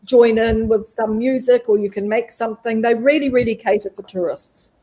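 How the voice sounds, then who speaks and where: Nz lady guest on a talk show, bit high voice, rambly and friendly. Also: normal speed. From New Zealand. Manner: chatty, rambling, warm. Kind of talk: casual interview chat.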